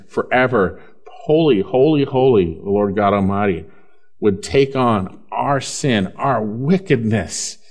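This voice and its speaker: An earnest male preacher delivering a sermon at a mid-range pitch. He reads scripture aloud, lifting some phrases with emphasis and slowing others down to a hushed, deliberate pace. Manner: earnest, swings between loud emphasis and slow hushed phrases.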